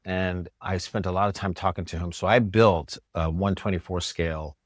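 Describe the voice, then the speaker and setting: A man's voice: low voice, normal speed, no room sound, clean studio sound. A middle-aged man from New York, a chiropractor guesting on a podcast, telling stories in a casual interview and acting out the voices of people he quotes. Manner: animated storyteller, acts out quoted voices.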